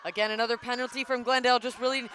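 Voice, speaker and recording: A woman's voice: a little high, level tone, racing, a bit bright, a faint crowd. A woman giving emphatic color commentary on a rugby match from a commentary booth. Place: commentary booth at an outdoor stadium.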